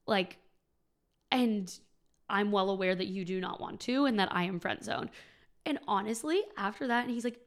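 A woman's voice: mid-range voice, a little slow. A woman in her twenties hosting a podcast, telling a story in a chatty, casual way full of "like" and acted-out quotes. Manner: chatty, frequent "like", animated quoting. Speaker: podcast host.

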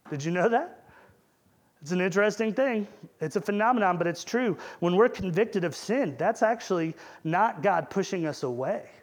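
A man preaching a sermon in a conversational way, asking the congregation rhetorical questions. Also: high voice.

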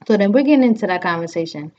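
Animated woman telling a story, lo-fi. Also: medium pitch, racing. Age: 30s. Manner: animated, acts out quotes, frequent fillers. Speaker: podcast host. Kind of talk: casual chat, storytelling. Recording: dull lo-fi sound.

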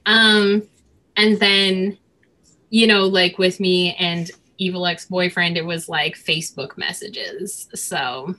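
A woman in her thirties with a fairly low, bright, forceful voice speaks slowly and steadily. She's casually telling her co-host a personal story, rambling with lots of fillers.

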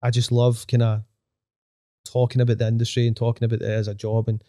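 Man, young adult, mellow voice, quick rambling chat, swearing, dry sound. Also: medium pitch, completely flat delivery, no echo. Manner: fast rambling talk, swearing, full of fillers. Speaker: DJ guest. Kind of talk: casual chat.

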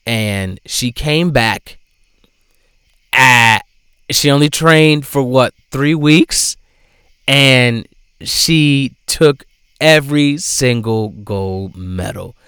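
A man giving casual commentary in a profane, animated way, swinging between loud outbursts and low asides. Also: drawn-out words, clear, resonant tone, dry recording, studio quality. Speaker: vlogger.

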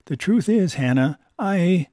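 A man's voice: sits high, expressive, a little slow, mellow, dry recording, studio quality, voice pushed up. A man doing a befuddled, meek old drunk. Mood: sheepish.

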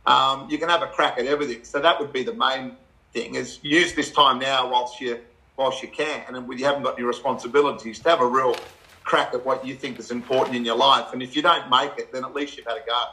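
A middle-aged Australian man, a guest in a casual chat, telling animated stories with laughs and acted-out quotes. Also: medium pitch, a little fast, poor audio.

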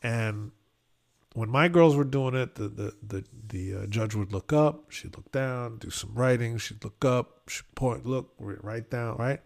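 Gravelly casual podcast co-host, man. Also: mid-range voice, a little slow. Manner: animated storytelling, many fillers and restarts. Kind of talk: casual chat.

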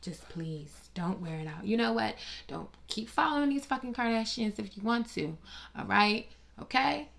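A woman's voice: on the high side, animated, normal speed, creaky, a bit bright. A woman vlogger delivering a dramatic, profane, mock-grieving comedic rant with plenty of sass.

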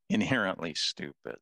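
A man's voice: low voice, gravelly, bright, forceful tone, no room sound. An older man in casual conversation, a self-deprecating storyteller who jokes his way through anecdotes.

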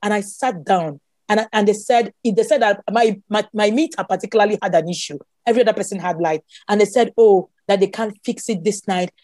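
A woman's voice: medium pitch, brisk, few pauses, warm tone, no echo, clean studio sound. A woman with a Nigerian accent, a guest animatedly telling a personal story. She exclaims often and laughs as she talks.

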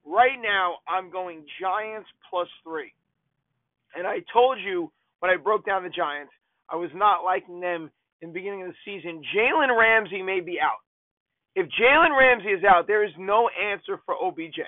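A high-voiced man rattles off football betting picks in a brash, blunt monologue full of exasperated outbursts. His voice comes through a tinny, phone-like line with a dry, close sound. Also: no echo. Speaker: sports betting pundit.

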